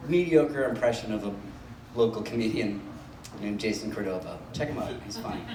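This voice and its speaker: A man's voice: lowish voice, expressive, brisk, background noise. A man hosting a stand-up comedy show, self-deprecating and laughing between lines, recorded in a club. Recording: echoey club from a distance, audience.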